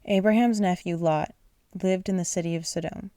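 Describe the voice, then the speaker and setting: A woman's voice: fairly low pitch, fairly even intonation, moderate pace, mellow, no echo, clean studio sound. A woman reading a children's bible aloud at bedtime, sleepy and yawning, often stumbling over words and apologizing. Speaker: reader.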